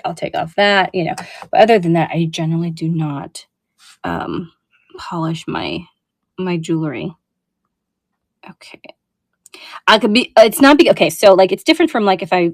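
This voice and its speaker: A chatty woman with a drawl talks through vintage brooches on a casual live selling stream. Her voice sits a little low for a woman and sounds dry and close, with no room around it. She rambles warmly, full of ums and little asides to her viewers. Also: lively intonation, moderate pace, dry recording. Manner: chatty, warm asides, lots of fillers. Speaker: online vintage jewelry seller.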